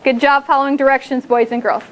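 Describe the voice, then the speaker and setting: A woman teaching a phonics lesson to second graders, drawing words out slowly and praising the class often. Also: high voice, fairly even intonation. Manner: slow, drawn-out words for children, upbeat praise.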